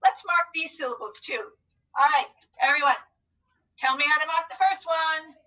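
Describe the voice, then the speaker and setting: A woman's voice: sits high, normal speed, sharp tone, recorded from a distance, low-quality recording. A woman teacher leading a recorded phonics lesson, upbeat and coaxing as she talks to unseen students.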